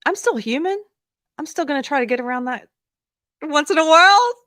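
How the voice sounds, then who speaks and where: A woman hosting a live talk show, telling a personal story in a candid, animated way with fillers and laughs, at times close to tears. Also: high voice, fairly quick, no room sound. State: emotional, near tears. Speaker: podcast host. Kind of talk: live-streamed commentary, personal anecdote.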